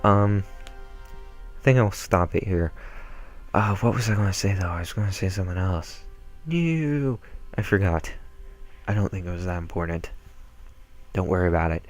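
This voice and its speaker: A man's voice: deep voice, steady tone, moderate pace, pauses often, soft background music, rough recording. A man giving casual gameplay commentary, rambling through tangents with lots of ums and uhs. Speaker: let's play gamer. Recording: home mic with clear background noise.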